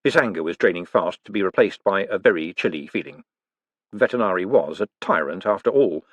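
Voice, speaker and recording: A man reading a novel aloud as a narrator, in measured storytelling. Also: deep voice, lively intonation, fairly bright tone, no room sound. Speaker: audiobook narrator. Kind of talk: scripted narration.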